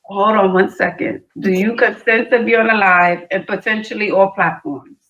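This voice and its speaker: A woman hosting a dating show, calmly probing a caller with pointed questions. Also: mid-range voice, normal speed, highs cut off. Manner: calm, probing, pushes for logic.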